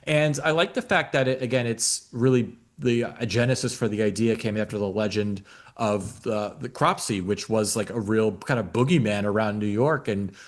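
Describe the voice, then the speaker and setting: A man co-hosting a podcast, chatting loosely about a movie. His voice sits fairly low. He fills his talk with likes and you-knows and often restarts. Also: normal speed. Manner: loose, filler-heavy opinions with many restarts. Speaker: podcast co-host. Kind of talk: casual chat.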